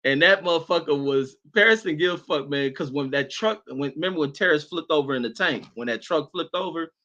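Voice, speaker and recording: A man swapping army stories in a loose, profane chat, laughing often. His voice sits a little high for a man and is fairly animated. The audio is a bit dull and lo-fi. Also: a little fast. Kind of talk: casual storytelling chat.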